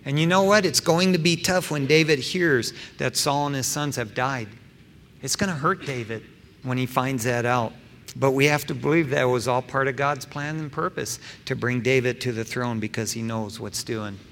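A middle-aged pastor preaches a sermon at medium pitch and moderate pace, emphatic and swinging between loud stressed phrases and soft asides. He drops casual fillers like "you know" and "man." Long hall reverb and faint background noise fill the recording.

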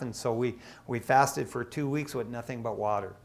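A middle-aged man from Michigan, an associate pastor, preaching a sermon in a casual, storytelling way with lively asides. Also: mid-range voice, moderate pace, gravelly, few pauses. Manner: conversational, animated storytelling with asides.

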